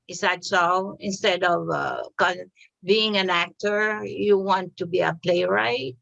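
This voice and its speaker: Slow, gravelly-voiced woman host. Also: fairly low pitch, steady tone, a bit bright, dry recording, dull audio. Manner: slow and hesitant, many fillers. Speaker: TV show host. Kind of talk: interview questions.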